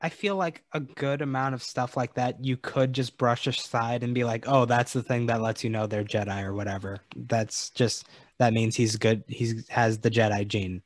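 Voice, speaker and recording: A man co-hosts a film podcast in a relaxed, easygoing way and pads his points with "like" and "uh". His voice sits at a middle pitch. The sound is dry and close-miked. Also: normal speed, dry recording. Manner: easygoing, hedging with "like". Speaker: podcast co-host. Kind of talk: casual movie discussion.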